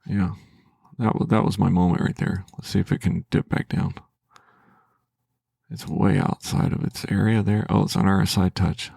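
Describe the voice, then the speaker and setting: A man with a low, gravelly voice talks himself through his trading as a channel host, casual and hesitant. He starts sentences over and thinks aloud. The sound is dry and close, with no room around it. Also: level tone, moderate pace, a little mellow, no room sound. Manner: thinking aloud, hesitant, with restarts and self-talk.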